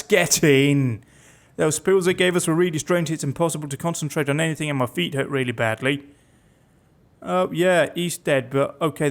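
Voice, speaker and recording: A man giving sardonic, jokey commentary while playing a game and reading its text aloud. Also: fairly high pitch. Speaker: gaming YouTuber. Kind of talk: casual let's-play commentary.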